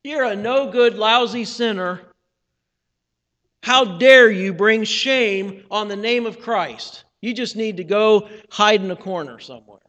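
A man's voice: sits high, a little slow, fairly bright tone. A man voicing a scornful male devil who shames his listener with scolding, sneering questions. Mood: accusing. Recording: reverberant church sanctuary.

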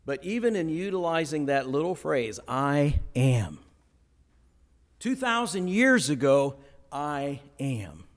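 A man preaching a sermon, animated, acting out the voices of the people he quotes. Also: on the high side, slow pace. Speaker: pastor. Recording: long hall reverb.

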